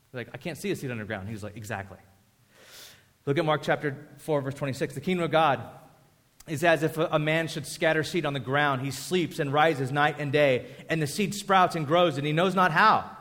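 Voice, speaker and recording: Animated preacher with hall reverb. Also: male voice, fairly high pitch. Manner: animated storytelling preacher, acts out dialogue. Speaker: pastor. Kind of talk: sermon.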